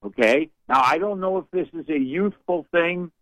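An older man calling in to a radio show, talking in a folksy, rambling, wry way and clearing his throat from allergies. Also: on the high side, normal speed, fairly bright tone, no echo, low-quality recording. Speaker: radio caller. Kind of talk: call-in radio chat.

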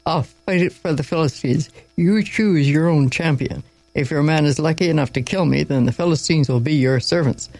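A man's voice: a little high, normal speed, darkish tone, no room sound. A man reading a story aloud, voicing a huge boastful giant warrior who roars his challenge. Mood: defiant. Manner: roaring threats.

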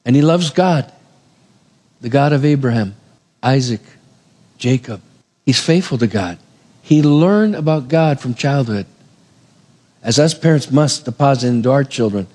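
A man preaching a conversational sermon in a church, retelling scripture stories with animated, acted-out quotes. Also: mid-range voice, unhurried, pauses often. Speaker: pastor. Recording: long reverb of a hall.

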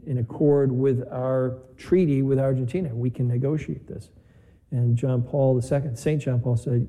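Mellow-voiced priest giving a chatty homily. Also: male voice, mid-range voice, rough recording. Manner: conversational storytelling with quoted dialogue. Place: chapel.

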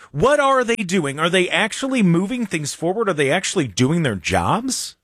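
A male talk radio host in a studio, giving opinions in an animated, sarcastic way. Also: high voice, normal speed, dry recording. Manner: animated, sarcastic, mocks others in silly voices. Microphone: studio microphone.

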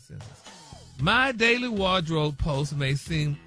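A man's voice: on the high side, expressive, slow, sharp tone, soft background music. A man co-hosting a morning radio show, talking in a showy, playful, sing-song way.

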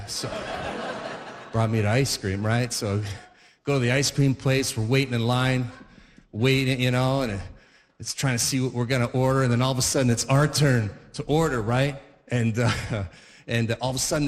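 A male comedian telling a family story on stage in an animated, chatty way with many asides. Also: medium pitch, normal speed. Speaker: stand-up comedian. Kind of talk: stand-up storytelling. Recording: echoey hall with clear background noise.

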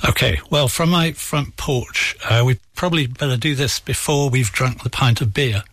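A man, an author, telling a story as a guest on a radio interview, in a measured, thoughtful way. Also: mid-range voice, fairly bright tone, no room sound. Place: near where England and Scotland meet.

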